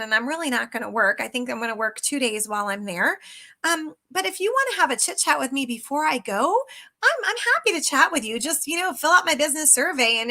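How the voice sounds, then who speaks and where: A middle-aged woman coaching on sales in a chatty, emphatic way, calling her viewers guys. Her voice sits high and rings bright. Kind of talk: casual live coaching talk.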